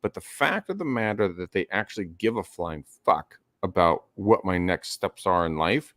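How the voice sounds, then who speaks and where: A man's voice: low-pitched, animated, moderate pace, fairly bright tone, no room sound, studio quality. A man co-hosting a real estate podcast, chatting casually and coaching listeners in an emphatic way. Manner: emphatic, coaching tone, profane at times. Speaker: podcast co-host.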